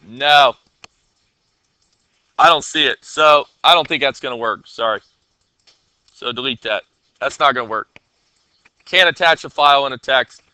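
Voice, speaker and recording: A man's voice: mid-range voice, a little slow, pauses often, sharp tone, clean tone, no room sound. A man teaching a classroom coding lesson, talking casually and often checking that his students are following.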